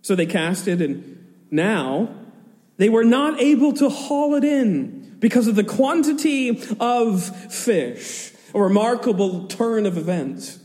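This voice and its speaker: A man's voice: sits high, animated, takes it slowly, a little mellow, long reverb tail. A man preaching an expository sermon, retelling a scripture story vividly with chuckling asides.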